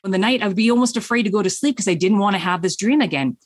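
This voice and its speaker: A middle-aged woman tells a personal story in a podcast interview, earnest and heartfelt. Her voice sits at an ordinary middle pitch. It is recorded close and dry, with no room sound. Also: lively intonation, rapid-fire, dry recording. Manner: earnest, heartfelt, acts out her own past thoughts. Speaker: business coach.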